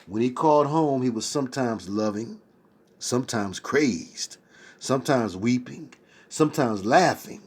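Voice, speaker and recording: A man reads a memoir aloud at an even pace. His voice sits in a middle pitch. He sometimes stops to add his own slangy remarks. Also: unhurried, slightly rough. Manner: steady read-aloud voice, breaking off into excited slangy asides. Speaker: reader.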